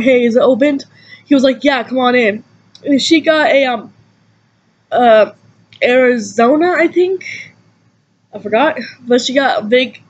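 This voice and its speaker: A young woman vlogging a story from her night in a casual, animated way, acting out what people said and swearing freely. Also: high voice, breathy edge. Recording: dull lo-fi home recording.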